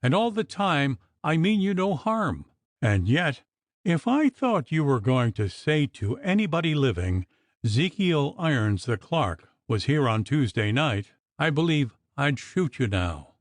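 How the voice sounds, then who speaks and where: A man voicing a grim, menacing male church clerk in an audiobook, with a hoarse, level voice and quiet threat. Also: fairly high pitch, very animated, a little slow, dry recording, clean studio sound. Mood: wary. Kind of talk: audiobook character reading.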